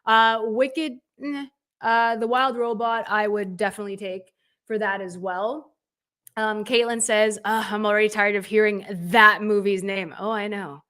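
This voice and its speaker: A young woman hosting a casual live reaction stream, opinionated and animated, reading out viewers' chat comments. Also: mid-range voice, a little slow. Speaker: livestream host reacting to award nominations.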